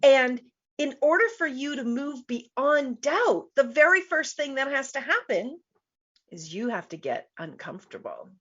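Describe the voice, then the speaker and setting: Hosting a live online show, a woman business coach speaks in a high, very animated voice at an unhurried pace. The audio sounds dull. She's emphatic, laughs easily, and keeps repeating her key phrases.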